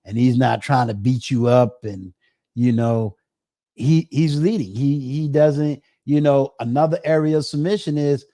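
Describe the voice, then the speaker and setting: A man's voice: medium pitch, measured pace, dark tone, dry recording, clean studio sound. A middle-aged man hosting a casual live-stream chat, drawing out his phrases with many fillers. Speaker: host.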